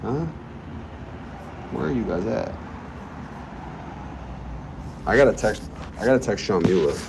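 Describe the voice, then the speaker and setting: A man's voice: on the low side, animated, normal speed, creaky, background noise. A young man hosting a casual livestream, reading chat aloud and hyping himself up with playful bits. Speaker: livestream host. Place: current location he names while streaming.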